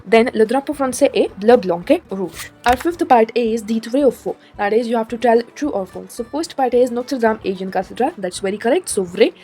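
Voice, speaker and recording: A woman with a somewhat high voice works through French exercises one at a time, explaining each answer methodically. Soft music plays faintly beneath her. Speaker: French teacher.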